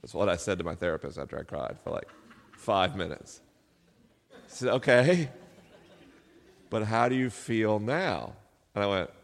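Here a middle-aged podcast host, his voice low with vocal fry, recounts a personal story to a live crowd. He's self-deprecating and laughs a lot, and the recording carries the long reverb of a live hall.

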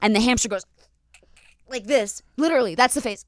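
A young woman hosting a podcast, telling a story in an animated way with frequent laughter. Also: a little high, a little fast, a little hiss or hum. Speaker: podcast host. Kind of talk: casual chat, storytelling.

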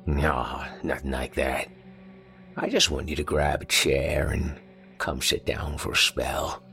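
A man voicing a spiteful old man with a hoarse, papery, hissing voice, making slow sneering threats. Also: a bass voice, little pitch movement, pushed and bright, soft background music, exaggerated voice. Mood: sneering menace.

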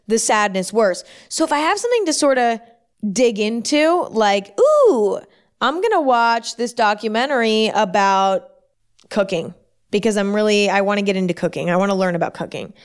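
A woman hosting her own show, talking alone in a chatty, rambling way with quick self-deprecating asides. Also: medium pitch, expressive, smooth. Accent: put-on New York twang at times. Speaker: podcast host. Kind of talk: casual solo chat.

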